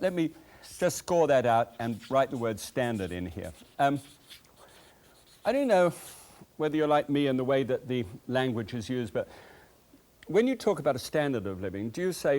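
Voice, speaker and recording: A man's voice: mid-range voice, a little mellow. A man hosting a cooking show, chatting enthusiastically and telling folksy anecdotes from a TV kitchen set. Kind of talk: cooking show chat and storytelling.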